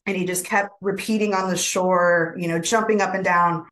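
A woman presenter telling a traditional folk tale in a gentle, unhurried way, with frequent fillers. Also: lowish voice, steady tone, poor audio. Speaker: webinar presenter. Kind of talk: oral storytelling.

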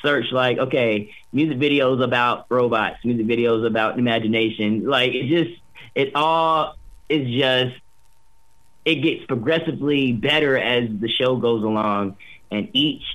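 A man's voice: mid-range voice, a little slow, fairly bright tone, poor audio. Upbeat young man with many restarts. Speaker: voice actor guest. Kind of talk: casual interview chat.

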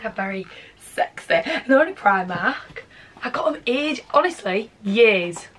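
A young woman with a Yorkshire accent chatting excitedly to camera at home as she sorts her things. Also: medium pitch, measured pace, a little hiss or hum. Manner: chatty and excitable, talks to camera while sorting. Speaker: vlogger. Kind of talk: casual vlog chat. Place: bedroom at home.

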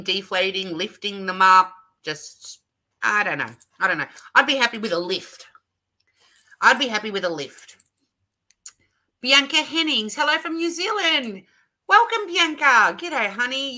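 A woman's voice: mid-range voice, bright, forceful tone. A middle-aged Australian woman hosting a casual live stream, chatting and reading viewer comments aloud with frequent laughs. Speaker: livestream host.

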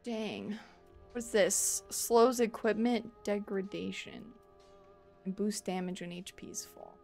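A woman's voice: medium pitch, slow, gravelly, a little mellow, soft background music. A woman streamer giving casual gameplay commentary with dramatic mock grief, playful and swearing.

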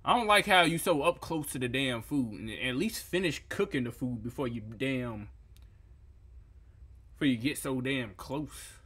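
A young man reviewing food photos in a comedic reaction rant, incredulous and profane, breaking into loud outbursts. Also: medium pitch, animated, unhurried, husky.

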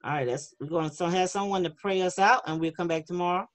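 Her voice is lowish and she talks quickly. She's an online youth class leader hosting a relaxed kids' class over video, reading out the chat and encouraging everyone in a chatty way.

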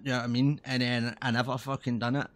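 Streamer, sweary, loose and rambling, average pitch. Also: male voice, little pitch movement, fast talker. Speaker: game streamer. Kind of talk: casual gaming commentary.

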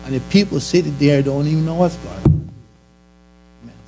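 A man preaching at church has a dark-toned, slightly high voice and a brisk delivery, with a bit of background noise in the recording. Sharing his testimony conversationally, he chuckles and puts questions to the congregation.

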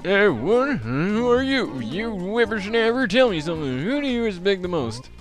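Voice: medium pitch, very animated, music in the background, voice pushed up, close to an everyday voice. Tortimer, a gamer doing a grumbly old turtle mayor. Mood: grumpy. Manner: drawls slowly, calls the listener whippersnapper.

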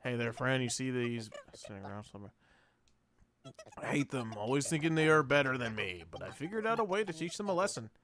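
A young man doing excitable let's play commentary, yelping and laughing as he plays. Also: mid-range voice, fairly quick. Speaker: gaming channel host.

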